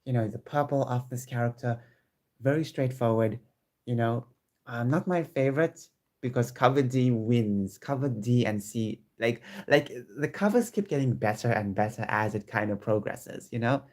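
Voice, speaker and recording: Chatty, excitable man vlogging at home. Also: medium pitch, normal speed. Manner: chatty and excitable, with many restarts. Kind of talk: casual chat to camera. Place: home room with squeaky chairs.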